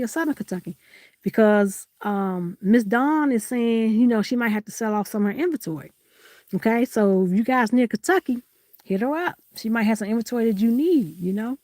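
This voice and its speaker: A woman's voice: a little high, brisk, darkish tone, dry recording, clean studio sound. A woman hosting a live-stream sale in casual chat, teasing and laughing as she reads out viewers' comments.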